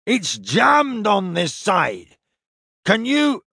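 A man doing a gravelly rough crewman. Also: medium pitch, sing-song, measured pace, a bit bright, dry recording, studio quality, exaggerated voice. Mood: urgent.

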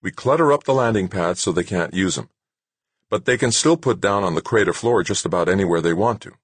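A man's voice: sits low, brisk, breathy edge, dry recording, voice pushed up. A man voicing a blunt, skeptical woman in a spacesuit in an audiobook.

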